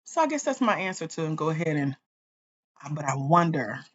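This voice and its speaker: A woman hosting a livestream as a grants coach, talking straight to her viewers in an excited, chatty way. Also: sits low, a little fast, muffled recording. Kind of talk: casual livestream chat.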